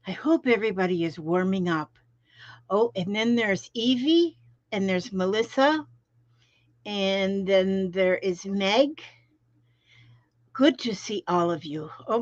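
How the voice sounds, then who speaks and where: Dull, dry lo-fi stream audio with no room sound carries a mid-range female voice. The speaker is a middle-aged Floridian hosting a home crafting live stream, chatting in a rambling, folksy, casual way and calling out viewers by name.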